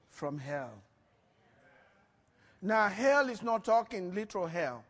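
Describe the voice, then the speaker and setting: A man preaching a sermon, telling stories with lively acted-out quotes and frequent laughter. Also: high-pitched, slow, pauses often, in a large hall. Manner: animated storytelling, acts out quotes, laughs often. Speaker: pastor.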